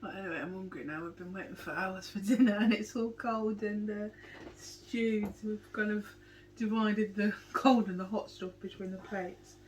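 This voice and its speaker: A woman's voice: medium pitch, steady tone, moderate pace, a little hiss or hum, poor audio. A woman, chatting casually while cooking and eating at home. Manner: chatty, bubbly. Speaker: vlogger. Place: home kitchen.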